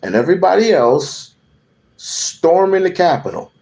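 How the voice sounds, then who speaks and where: Man as a commentator on a heated rant, slightly raised voice swinging widely, slow deliberate delivery, swears and repeats himself for emphasis. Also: sits high, big pitch swings, creaky, a little mellow. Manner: profane, emphatic, repeats phrases. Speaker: political commentator. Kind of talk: heated political rant to camera.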